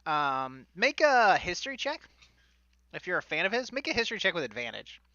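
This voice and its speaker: Bright-voiced man running a tabletop game. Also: high voice, sing-song, fairly quick, lo-fi sound. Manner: hesitant, with many fillers. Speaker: game master.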